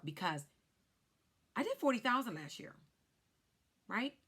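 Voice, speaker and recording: A woman in her thirties, a life insurance agent, telling her story to camera in an animated way while glancing at cue cards. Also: fairly high pitch, measured pace, long pauses, husky. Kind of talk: casual talk to camera.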